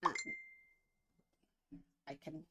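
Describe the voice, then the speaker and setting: A woman hosting a reaction video, talking earnestly and reflectively in a casual way, with halting pauses. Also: very noisy. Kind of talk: casual spoken reaction commentary.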